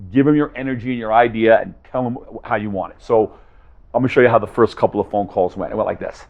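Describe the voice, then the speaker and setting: A man's voice: medium pitch, a little fast, creaky. Guy telling a story to a crowd, acts out all the voices, kinda muffled audio. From Las Vegas, USA. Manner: animated, acts out both sides of conversations. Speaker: guest speaker. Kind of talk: storytelling talk to a live audience.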